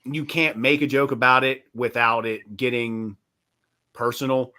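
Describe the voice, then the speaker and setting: Comedian guest, male, from West Virginia: bright, mid-pitched, rambling and profane. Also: unhurried. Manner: rambling, profane, animated with many fillers. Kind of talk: casual podcast chat.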